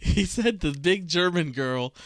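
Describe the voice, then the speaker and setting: A man's voice: sits high, animated, unhurried, a bit bright, no room sound, studio quality. A man co-hosting a podcast in casual chat, laughing a lot and prodding his friend with questions. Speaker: podcast co-host.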